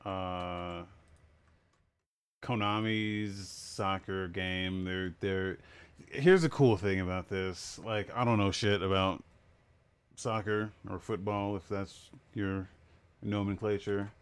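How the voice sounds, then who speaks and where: A relaxed young man co-hosts a casual gaming podcast in a very deep voice. His tone is smooth and resonant. He laughs often and works his way through the news with easygoing restarts. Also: slow pace. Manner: relaxed, laughs often, many fillers and restarts while explaining. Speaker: podcast co-host.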